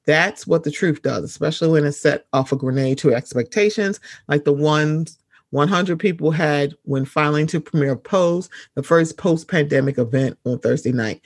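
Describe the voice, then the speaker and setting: A man's voice: fairly high pitch, dry recording, clean studio sound. A man reading an article aloud and breaking off to add his own emphatic commentary.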